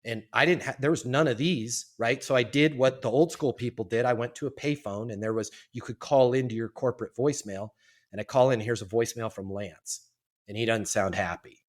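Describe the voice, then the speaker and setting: A man telling a story as a podcast guest, in a lively, animated way and acting out what people said. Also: mid-range voice, a little fast. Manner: animated, lively storyteller who acts out quotes. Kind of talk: storytelling in a casual interview.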